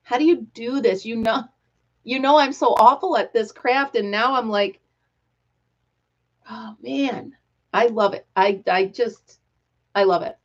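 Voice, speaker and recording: A middle-aged woman hosting a casual live stream, talking excitedly and telling stories with quoted voices. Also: fairly high pitch, moderate pace. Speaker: livestream host. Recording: dull lo-fi live-stream audio.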